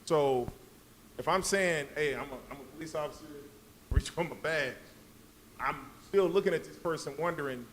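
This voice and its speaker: A man's voice: on the high side, moderate pace, fairly bright tone, slight background noise, rough recording. A man on a live debate panel, making his point in an emphatic, insistent way.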